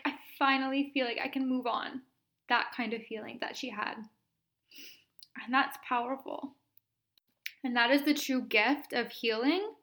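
Woman, podcast host, tearful, sniffling, earnest, soft laughs, somewhat high voice. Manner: emotional, earnest, laughs between phrases. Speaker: podcast host and Reiki practitioner. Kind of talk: casual solo podcast storytelling.

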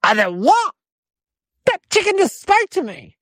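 A woman voicing an eight-year-old city boy, telling a rambling comedic story in a whiny, excitable way. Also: very high-pitched, unhurried, no echo, heavily acted. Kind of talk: comedic character monologue.

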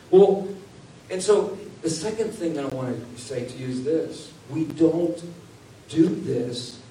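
A male pastor preaching a sermon, animated and laughing as he acts out quotes in a raised voice. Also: fairly high pitch. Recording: echoey room from far off mic, faint ambient noise.

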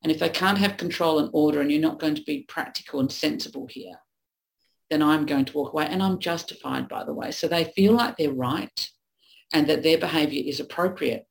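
A woman relationship coach talks through a topic conversationally, earnestly acting out what partners say to each other as she teaches. Her voice is low, a little fast, and has vocal fry, and the recording is rough.

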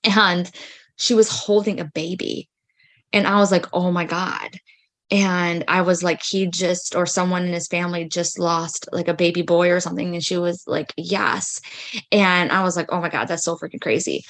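Podcast host, woman, casual storyteller, rambling and earnest, pitched a bit low. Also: flat delivery, normal speed, a bit bright. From United States. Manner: chatty, lots of "like" and "freaking".

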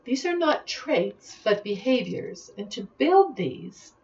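A woman leadership coach giving a podcast monologue, speaking in a deliberate, instructive way. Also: on the high side, very animated, a little mellow, breathy edge, highs cut off.

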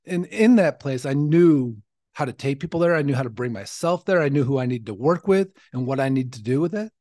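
A man's voice: medium pitch, lively intonation, a little fast, darkish tone, no echo, clean studio sound. A man in his forties, hosting a podcast, telling his life story in an earnest, reflective way. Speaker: podcast host. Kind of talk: personal storytelling monologue.

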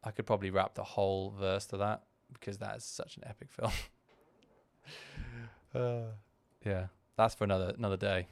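A man's voice: lowish voice, flat delivery, moderate pace, gravelly, long pauses. A man hosting a podcast, giving casual, candid commentary on his own video in a rambling way full of restarts. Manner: candid and self-deprecating. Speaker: podcast host.

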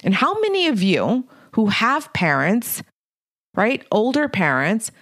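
A woman's voice: on the high side, huge pitch swings, slow, a bit bright, dry recording, studio quality. A middle-aged woman hosting a podcast, talking in a candid, blunt, casual way with mild swearing. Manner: blunt, candid, mildly profane. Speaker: podcast host and leadership coach. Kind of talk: casual monologue.

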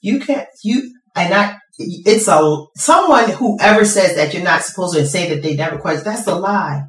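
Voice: mid-range voice, lively intonation, normal speed. A preacher delivering a sermon with emphatic repeated phrases, recorded from a distance in a hall. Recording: roomy echo, distant mic.

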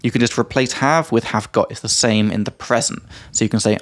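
A man co-hosting a podcast, explaining English grammar in a relaxed chatty way with lots of examples and the odd swear word. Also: lowish voice, brisk, hardly any pauses. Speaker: podcast co-host and English teacher. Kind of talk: casual teaching chat.

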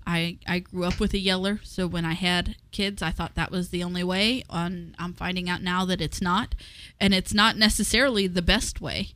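Frank woman with a bright, dry voice. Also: lowish voice, steady tone, moderate pace, no room sound. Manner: plain and frank, with frequent "um" fillers. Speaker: co-host, parent. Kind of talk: casual faith-based parenting talk, reading aloud.

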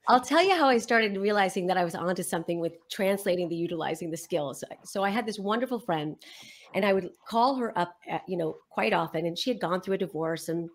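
A woman's voice: fairly low pitch, lively intonation, a little fast. A woman who works as a voiceover artist, sharing advice and stories animatedly in a panel conversation, laughing often. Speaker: voiceover artist and guest speaker.

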